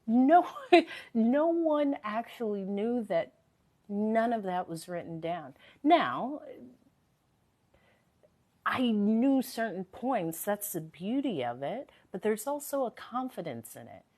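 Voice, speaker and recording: A woman's voice: medium pitch, sing-song, slow pace, dark tone. A woman hosting a live stream, talking earnestly and motivationally, repeating phrases for emphasis, her voice a little worn from a sore throat. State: recovering from a sore voice. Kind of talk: casual live-stream chat.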